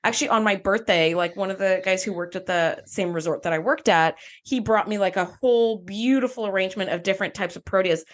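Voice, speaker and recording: A woman's voice: medium pitch, fast talker, hardly any pauses. A woman co-hosting a podcast, chatting casually and enthusiastically, with frequent laughs. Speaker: podcast co-host. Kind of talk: casual chat.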